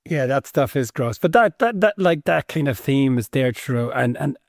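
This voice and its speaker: A man's voice: medium pitch, expressive, moderate pace, dry recording, studio quality. A man co-hosting a casual book podcast, often restarting and repeating words as he hedges his points. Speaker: podcast co-host. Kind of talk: casual book-club chat.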